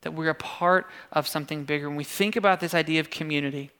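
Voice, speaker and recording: A man preaching a sermon in a relaxed, conversational way, often checking in with "right?". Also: fairly high pitch, quick pace, clean tone. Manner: conversational, keeps asking "right?". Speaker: pastor.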